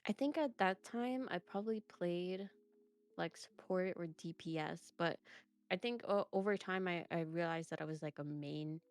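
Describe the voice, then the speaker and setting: A woman's voice: fairly low pitch, moderate pace. A young woman chatting as an interview guest, rambling with lots of fillers and restarts. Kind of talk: casual chat.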